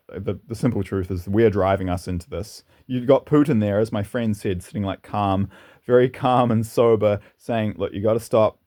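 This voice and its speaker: A man with a lowish voice and a dark tone hosts his own channel, airing his opinions in a casual monologue. He rambles but stays earnest, laughing now and then.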